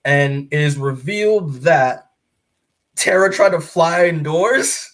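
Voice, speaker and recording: A man co-hosting a comic book podcast, giving a casual recap that rambles with fillers, restarts and quick quoted lines from the scenes. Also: fairly high pitch, lively intonation, a bit bright. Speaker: podcast co-host.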